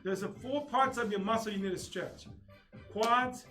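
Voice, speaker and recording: A man teaching a live online taekwondo class, calling kick counts and drills with sharp shouts. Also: high voice, moderate pace, distant mic, faint music behind. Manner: coaching commands, loud kiai shouts. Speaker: taekwondo instructor. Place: training studio.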